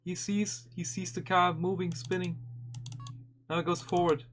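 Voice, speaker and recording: A man streaming and commenting casually on a video, animated and swearing often, with frequent restarts. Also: high-pitched, moderate pace, a little hiss or hum.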